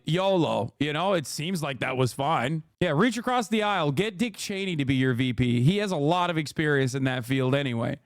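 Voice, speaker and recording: A man streams political reactions, ranting with profane, fired-up energy. His voice sits high, with a smooth, clear tone. The sound is dry and close. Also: no room sound. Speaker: streamer host. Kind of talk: live political reaction commentary.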